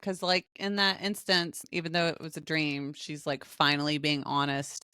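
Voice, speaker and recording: Woman co-host, laid-back and slangy, low voice with a bright edge. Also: flat delivery, normal speed, clear, resonant tone, dry recording. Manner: laid-back, slangy, many murmured agreements. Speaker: podcast co-host. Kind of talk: casual film discussion.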